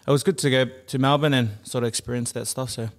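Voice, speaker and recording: A man's voice: mid-range voice, fairly even intonation, fast. A man in his twenties, a guest athlete, talking casually and hesitantly with many fillers. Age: 20s. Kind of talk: casual chat.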